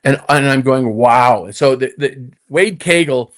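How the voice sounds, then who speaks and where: An older man spins a long story from his playing days, his pitch jumping up and down as he acts out what he told himself. He stumbles into restarts, repeating "and, and" before surging forward again. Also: unhurried. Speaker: guest, former tour golfer. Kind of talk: storytelling in casual conversation.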